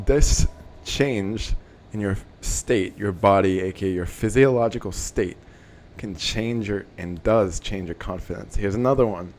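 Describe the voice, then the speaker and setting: A young man talking casually to camera, giving energetic motivational advice and swearing for emphasis. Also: lowish voice. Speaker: self-help vlogger.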